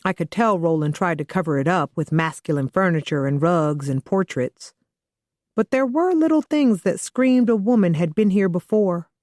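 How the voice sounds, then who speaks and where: Woman, audiobook narration, even conversational delivery, dry close mic. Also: fairly low pitch, dry recording. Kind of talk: first-person novel narration.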